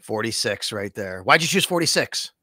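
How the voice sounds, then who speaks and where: A man hosting a casual interview who jumps in eagerly with quick follow-up questions. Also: lowish voice, animated, sharp tone, breathy edge, dry recording. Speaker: podcast host.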